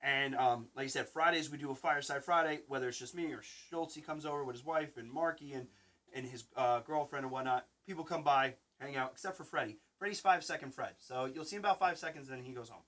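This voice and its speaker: A man's voice: mid-range voice, fast talker. A man in his thirties hosting a casual podcast chat, rambling through stories and acting out what people said. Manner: rambling storyteller, acts out quotes loudly. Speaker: podcast host and Twitch streamer.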